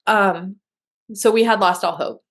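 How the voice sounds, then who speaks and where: Her voice is medium-pitched and a little slow as she tells the story of her adoption as an interview guest. The woman speaks candidly and emotionally in a conversational way, with many fillers and restarts.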